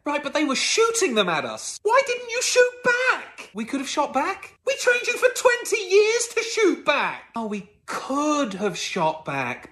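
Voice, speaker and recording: A woman's voice: high voice, fairly bright tone. A woman acting out a comic phone-call sketch, switching between mock voices and sounding exasperated.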